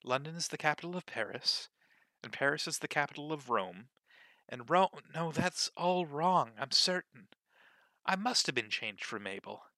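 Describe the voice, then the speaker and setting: A man's voice: medium pitch, animated, normal speed, bright, forceful tone, no echo. A man reading aloud, voicing a curious young girl who frets and wonders aloud to herself. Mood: fretful. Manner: wondering, fretful talking to herself.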